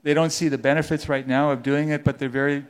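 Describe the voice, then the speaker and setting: A man's voice: fairly high pitch, little pitch movement, fast talker, clear, resonant tone. A man from a legal department answering a conference question with careful, hedging wording.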